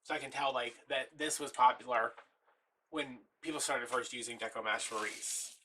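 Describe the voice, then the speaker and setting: A man's voice: mid-range voice, moderate pace, bright, forceful tone, recorded from a distance, slight background noise. A man, a little out of breath, chatting casually while walking through a craft step by step. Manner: chatty, folksy, talks while working. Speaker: craft tutorial host.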